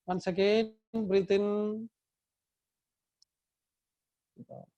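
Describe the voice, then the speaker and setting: A man, a yoga teacher, slowly guiding a chakra meditation, giving calm breathing instructions and chanting mantras in long tones. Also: sits high, no echo, muffled recording.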